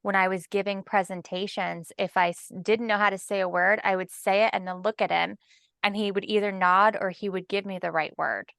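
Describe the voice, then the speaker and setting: A woman's voice: mid-range voice, steady tone, brisk, creaky, a bit bright, smooth, dry recording. A woman hosting a podcast, chatting casually, laughing often and leaning on fillers. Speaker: podcast host. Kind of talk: casual chat.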